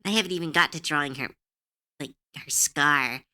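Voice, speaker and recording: A woman's voice: low-pitched, normal speed, sharp tone. A woman streamer in casual livestream chat, giggly, chatty and self-deprecating.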